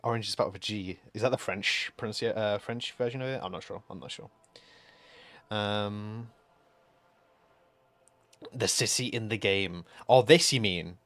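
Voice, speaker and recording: A man's voice: lowish voice, moderate pace, long pauses, a bit bright, no room sound. A male streamer giving rambling gameplay commentary, laughing and swearing casually.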